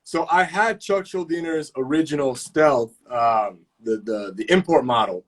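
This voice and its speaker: A man's voice: a little high, measured pace. Profane, fired-up man telling stories. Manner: profane, animated storytelling with slang. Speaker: host of live chat. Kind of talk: casual live-stream chat.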